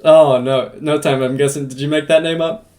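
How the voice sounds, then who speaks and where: A man's voice: on the high side, fairly even intonation, moderate pace, a crowd in the background. A male podcast host in casual chat with a small game team. He talks loosely, restarts his questions, and laughs often. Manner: laughs easily, rambling questions.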